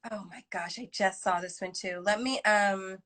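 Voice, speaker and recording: A woman's voice: mid-range voice, normal speed, a bit bright. A woman, an actress guest, chatting playfully over a live video call, laughing often and slipping into quoted voices. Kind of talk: casual video chat interview. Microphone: phone or laptop on a live video call.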